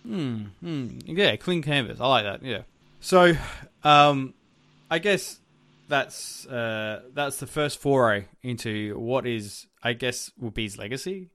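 Male co-host, mid-pitched, rambling and loose, dry close recording. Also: slow, fairly bright tone, no room sound. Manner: rambling, searching for words with many fillers. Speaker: podcast co-host. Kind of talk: casual chat.

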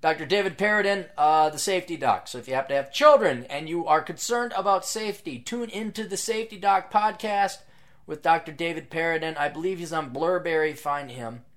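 A man's voice: on the high side, a little fast. Sarcastic rambling male podcast host. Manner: sarcastic, rambling, swings between loud bursts and mutters. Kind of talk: casual monologue reading out plugs.

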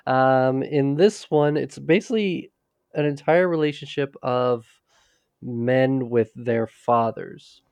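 A man's voice: medium pitch, slow, a little mellow, clean tone, no echo. A man co-hosting a podcast, casually recapping a TV episode in a rambling way, with frequent restarts. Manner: rambling, restarts often, quotes characters in passing. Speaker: podcast co-host.

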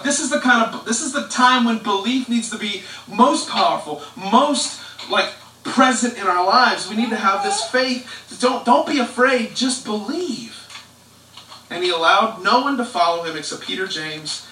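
Male pastor, high bright voice, chatty preaching style, echoey living room, distant mic. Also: a little hiss or hum. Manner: conversational preaching, fillers and restarts. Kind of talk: live-streamed sermon.

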